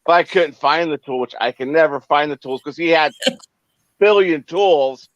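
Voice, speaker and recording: A laid-back man hosting a casual chat, telling long stories with slow, stretched phrasing. His voice sits a touch high, and it sounds dry and close, with no room around it. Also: no echo, lo-fi sound. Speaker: stream host.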